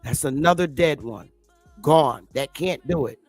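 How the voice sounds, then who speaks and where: A woman whose voice sits low speaks unhurriedly over soft background music in an unscripted rant. The commentary vlogger is blunt, defiant and combative, swearing heavily and repeating points for emphasis.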